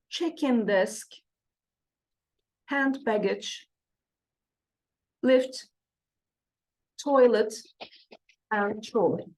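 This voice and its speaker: Give me a woman teaching a lesson, speaking slowly and checking in often with "okay". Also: fairly high pitch. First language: Turkish. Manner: repeats each word pair slowly, checks in with "okay" and "right". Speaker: English teacher. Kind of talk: slow classroom lesson explanation.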